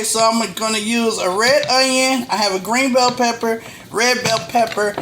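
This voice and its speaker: A woman's voice: on the high side, background noise. Older lady walking thru her recipe step by step, homey and chatty, pots and dishes clanking around her. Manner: homey, chatty, narrates each step as she cooks. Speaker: home cooking show host. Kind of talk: casual step-by-step cooking demo. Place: home kitchen. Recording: kitchen clatter of pots and dishes. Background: cutlery and pots clanking.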